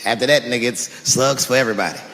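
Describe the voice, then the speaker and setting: A man performing a stand-up comedy set on stage, telling a story with animated delivery and shouted punchlines. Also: mid-range voice, rapid-fire. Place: comedy stage, live audience. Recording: reverberant live venue with audience noise.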